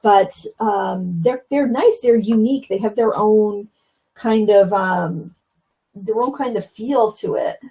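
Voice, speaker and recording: A woman teaches watercolor painting on a live stream, chatting casually and explaining her steps as she paints, with plenty of fillers. Her medium-pitched voice is warm and slow, and the sound is lo-fi.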